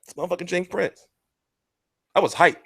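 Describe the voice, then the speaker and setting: A man's voice: sits high, normal speed, creaky, fairly bright tone, breathy edge, no echo, clean studio sound. A man hosting a casual boxing livestream, rambling and joking crudely as he chats. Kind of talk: casual live-stream chat.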